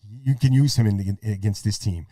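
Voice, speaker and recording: A man hosting a podcast, casually calling a basketball game play-by-play, excitable and profane. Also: on the low side, moderate pace, no echo, studio quality. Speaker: podcast host.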